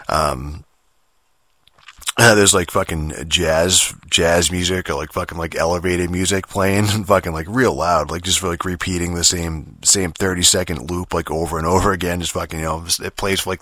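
Deep-voiced man ranting casually, bright tone. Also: no echo, studio quality. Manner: profane, rambling with constant filler words and restarts; exasperated, mocking. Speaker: gamer talking about games. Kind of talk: casual rambling rant.

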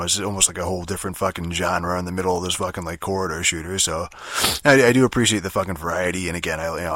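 A man's voice: low voice, pushed and bright, no echo, studio quality. A young man rambling through a profane, filler-heavy review of a video game. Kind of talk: casual spoken game review rant.

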